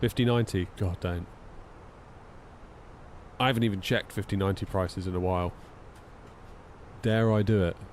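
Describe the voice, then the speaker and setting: A man talks casually to his stream audience while flying, wry and a bit tired. His voice sits low and sounds mellow and warm. A faint hiss runs beneath it. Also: steady tone, moderate pace, pauses often. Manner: chatty, wry, reads out chat messages. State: yawning, tired. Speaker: flight sim streamer. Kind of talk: casual live-stream chat.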